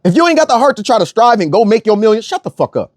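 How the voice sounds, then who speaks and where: A young man rants bluntly and profanely, hammering his points through repetition. His voice sits high for a man and swings widely in pitch. The recording is close and dry. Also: very animated, rapid-fire, no echo. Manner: repeats phrases for emphasis. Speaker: online commentator. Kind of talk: ranting monologue.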